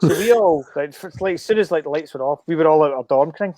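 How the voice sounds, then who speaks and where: A man's voice: on the high side, fast, a little mellow, no echo. A man telling stories as a guest on a casual podcast, swearing freely and laughing mid-sentence. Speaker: guest comic artist.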